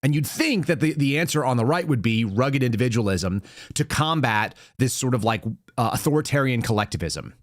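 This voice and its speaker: A man's voice: mid-range voice, expressive, fairly quick, no echo, studio quality. A man hosting a live political commentary show, talking casually and bluntly with sardonic, rambling asides. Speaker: podcast host.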